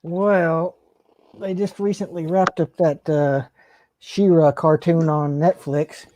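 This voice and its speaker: A man's voice: on the high side, fairly even intonation, slow pace, a little mellow, slight background noise. A man co-hosting a casual podcast chat, talking in an easygoing, hesitant way with many fillers. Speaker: podcast co-host.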